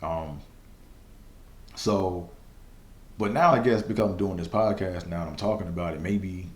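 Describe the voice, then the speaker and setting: A man's voice: low voice, moderate pace, echoey room. A young man hosting a casual solo podcast, telling a personal story in a loose, rambling way full of fillers and swearing, with a stutter now and then. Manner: stutters at times. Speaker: podcast host.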